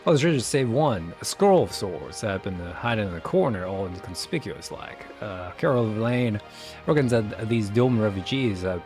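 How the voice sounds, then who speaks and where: A man voicing a gruff, cocky male pirate guild leader who talks in thick thieves' slang while reading a game quest aloud. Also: lowish voice, close to an everyday voice. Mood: scheming.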